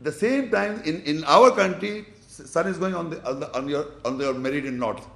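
A man's voice: a little high, normal speed, creaky, reverberant. A man teaching a religious lesson, quizzing his class and demonstrating with his hands.

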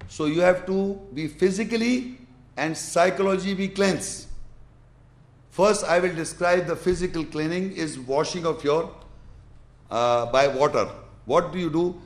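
An Islamic teacher gives a religious lesson, walking through each step and demonstrating with gestures while repeating his instructions emphatically. His male voice is fairly high-pitched and unhurried.

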